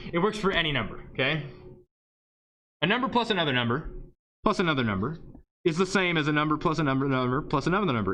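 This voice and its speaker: Bright, lively male math teacher. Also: a little high, muffled recording, slight background noise. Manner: joking, asks "right?" constantly. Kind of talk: livestreamed math lesson.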